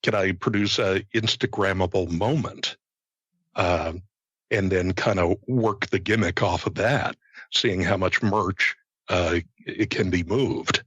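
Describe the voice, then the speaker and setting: A man co-hosting a casual podcast, rambling and halting with lots of fillers and stutters. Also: sits low, fairly bright tone, breathy edge, no echo. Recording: dull lo-fi sound.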